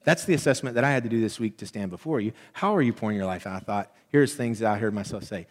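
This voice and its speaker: A middle-aged man preaching a sermon as pastor, conversational and animated, checking in with the congregation as he goes. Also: fairly low pitch, quick pace. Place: church sanctuary. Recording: long hall reverb.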